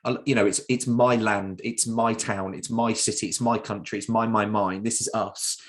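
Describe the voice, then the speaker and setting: A man's voice: fairly low pitch, steady tone, normal speed. A man with a Birmingham accent hosting a fitness podcast, chatty and reflective, calling his guest mate. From Birmingham, England. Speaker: podcast host. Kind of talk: casual interview chat.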